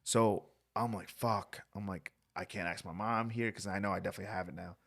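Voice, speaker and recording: A young adult man telling a story in a casual, animated, profane way as a podcast co-host. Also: low-pitched, quick pace, gravelly.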